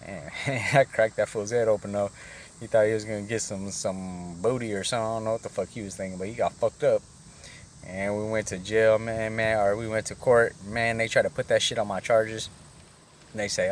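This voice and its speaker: A man's voice: lowish voice, fairly even intonation, a little fast, a little hiss or hum. A middle-aged man telling a rambling personal story in casual, profane street slang. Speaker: vlogger.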